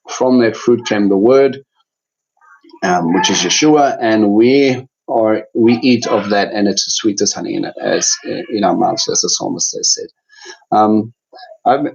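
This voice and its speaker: A man's voice: fairly low pitch, gravelly, a little mellow, highs cut off. A man teaching an online Bible study in a chatty way, with many fillers and restarts.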